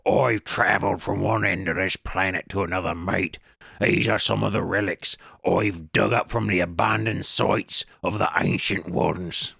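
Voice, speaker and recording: A man's voice: sits low, fairly even intonation, normal speed, vocal fry, fairly bright tone, breathy edge, no room sound, clean studio sound, pitched below the performer's own voice, full character voice. A man voicing a greasy, ragged male adventurer who digs up relics and calls everyone mate. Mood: drawling. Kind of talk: reading video game dialogue aloud.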